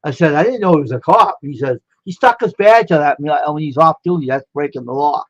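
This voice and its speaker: A man's voice: on the high side, animated, quick pace, dry recording. A man co-hosting a live stream, telling rambling anecdotes in casual chat and chuckling as he goes. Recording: slightly dull lo-fi sound.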